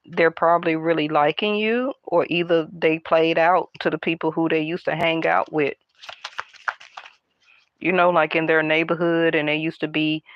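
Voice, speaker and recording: A woman doing a casual tarot card reading, talking in a hushed, half-whispered, chatty way to her viewers. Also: deep voice, no room sound, dull audio. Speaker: tarot reader.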